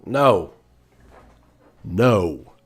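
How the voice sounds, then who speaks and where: A man from the Southern United States chatting casually on a livestream, animated and rambling, answering chat and laughing often. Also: on the low side, drawn-out words, slightly rough. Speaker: online gaming commentator.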